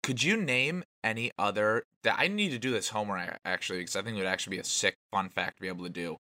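A man's voice: lowish voice, quick pace, pushed and bright. A man in casual, profane chat, laid-back and chiming in with jokes.

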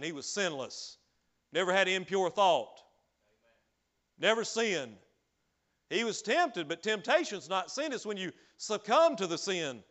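A man preaching a sermon, swinging from loud, drawn-out cries to low, quick asides.

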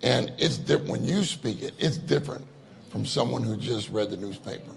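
A man's voice: medium pitch, expressive, normal speed, vocal fry. A man giving a conversational sermon, joking and laughing with the audience as he asks them questions. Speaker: conference speaker.

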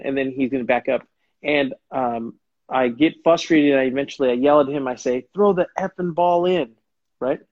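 A man's voice: medium pitch, darkish tone, no echo, muffled recording. A man hosting a show and casually telling a story, acting out quotes and restarting sentences as he goes. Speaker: show host and former pro soccer player.

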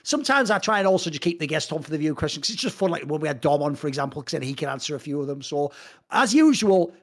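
British male co-host, quick-talking, slightly high voice, punchy and sweary. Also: animated. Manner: emphatic, combative, swears freely. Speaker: podcast co-host. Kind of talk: casual esports discussion.

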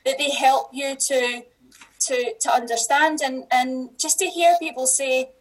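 A middle-aged Scottish woman with a high voice talks in a relaxed, chatty way as a podcast guest. She often breaks off and restarts her sentences and laughs easily along the way. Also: unhurried, rough recording. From Scotland. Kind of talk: casual podcast interview.

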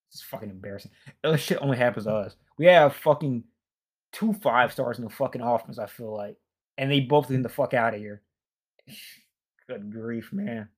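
Young man, tired, frustrated, profane rambling rant, middle pitch. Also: moderate pace, husky. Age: young adult. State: fatigued. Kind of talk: casual rant.

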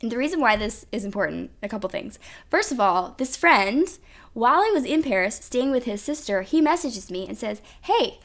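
A woman's voice: a little high, lively intonation, brisk. A woman hosting a podcast, telling a personal story in a chatty way full of "like" and "um". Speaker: podcast host. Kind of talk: casual storytelling.

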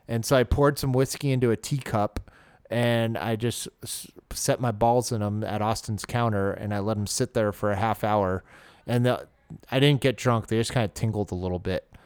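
A man's voice: on the low side, steady tone, normal speed, a little mellow, clean tone, dry recording. A young man co-hosting a podcast, chatting casually and laughing at himself. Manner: self-deprecating, laughs at himself. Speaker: podcast co-host.

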